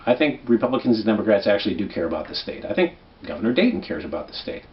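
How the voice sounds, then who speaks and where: A man's voice: lowish voice, big pitch swings, very fast, highs cut off. A man from Minnesota hosting a comic election guide, talking in a conversational, persuasive way and often checking in with "right?". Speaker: political commentary host.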